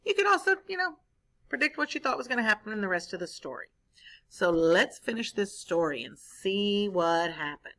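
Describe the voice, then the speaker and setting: A woman's voice: medium pitch, lively intonation, moderate pace, a bit bright. A woman teacher reading a story aloud to children, stopping to explain and ask them questions. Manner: explaining, asks the listeners questions. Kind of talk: read-aloud lesson for children.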